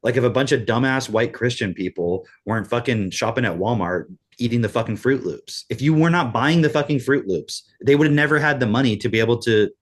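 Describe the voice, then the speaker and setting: A man's voice: medium pitch, fairly quick, few pauses. A man co-hosting a podcast in casual chat, talking in an emphatic, profane rant. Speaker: podcast co-host.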